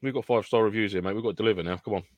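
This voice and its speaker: A man's voice: on the low side, very fast, dry recording, lo-fi sound. A man co-hosting a podcast over a video call, teasing, laughing often and rambling through advice. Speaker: podcast co-host. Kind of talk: casual chat.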